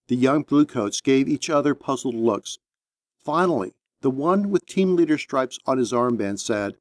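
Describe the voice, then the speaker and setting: Steady male audiobook narrator. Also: medium pitch, moderate pace, dry recording, studio quality.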